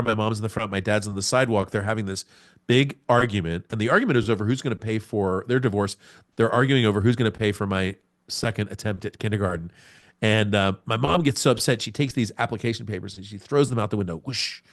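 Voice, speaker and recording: A man in his forties, a podcast guest, telling a personal testimony in a lively storytelling way with sound words. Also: fairly low pitch, quick pace. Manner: animated storyteller, acts out scenes with sound words.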